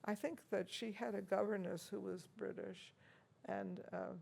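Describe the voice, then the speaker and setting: A woman's voice: medium pitch, steady tone, unhurried, darkish tone. An older woman, an organist, recalling past encounters in a chatty interview, laughing often between stories. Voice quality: gravelly, husky. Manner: chatty, anecdotal, laughs often, many fillers. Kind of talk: reminiscing interview. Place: university room.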